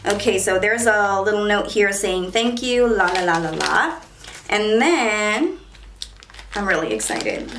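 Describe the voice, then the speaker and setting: A woman's voice: medium pitch, slight background noise. Young female beauty vlogger, bubbly and apologetic, echoey home recording. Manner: bubbly and excitable, apologetic asides. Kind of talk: casual chatty haul video. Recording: roomy echo.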